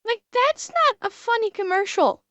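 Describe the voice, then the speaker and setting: A woman's voice: very high-pitched, lively intonation, moderate pace, fairly bright tone, no echo, lo-fi sound. A woman streamer reacting to videos in casual commentary, emotional and exclaiming, close to tears and swearing.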